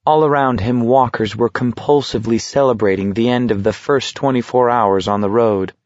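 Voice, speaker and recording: Reading a scripted audiobook, a medium-pitched male narrator keeps his storytelling steady and measured. There's no room sound, and the audio comes across as dull and a bit muffled.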